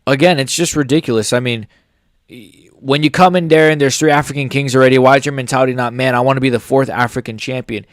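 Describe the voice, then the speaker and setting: A man's voice: mid-range voice, fairly even intonation, fast talker, no echo, studio quality. A man hosting a casual MMA commentary channel, blunt and opinionated, swearing as he reacts to clips and comments. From United States.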